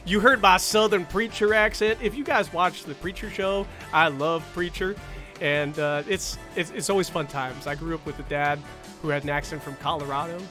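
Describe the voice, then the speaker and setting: A man's voice: fairly high pitch, normal speed, pushed and bright, soft background music. A man casting an esports tournament, enthusiastic and rambling, often cutting in to add a point. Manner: enthusiastic, rambling, self-interrupting. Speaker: esports caster.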